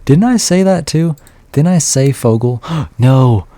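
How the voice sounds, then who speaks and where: A man's voice: fairly high pitch, animated, takes it slowly, dark tone, no room sound. A tired man streaming a horror game, rambling and self-mocking as he talks to his chat while keeping his voice down late at night. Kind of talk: casual live-stream commentary.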